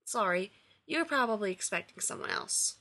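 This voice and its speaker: A woman voicing an embarrassed male military officer who talks in halting, hesitant bits. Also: mid-range voice, sing-song, sharp tone, full character voice. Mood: awkward.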